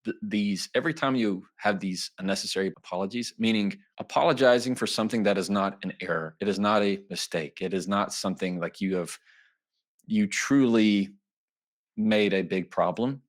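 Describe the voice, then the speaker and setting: Man, fairly low voice, podcast guest, animated, acts out quotes, conversational. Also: moderate pace. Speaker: trial attorney and author, guest.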